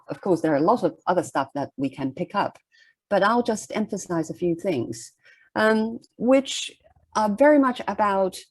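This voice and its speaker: A middle-aged woman giving a recorded literature lecture, explaining a poem in a measured way and often checking in with "okay?". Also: lowish voice, a little mellow.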